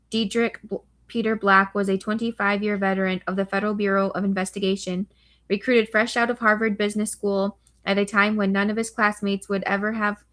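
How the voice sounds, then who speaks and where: A woman reads a thriller audiobook in an even, steady manner. Her voice sits at a middle pitch and stays flat, with little rise and fall. She occasionally slips and restarts a word. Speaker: audiobook narrator. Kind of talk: audiobook reading of a thriller novel.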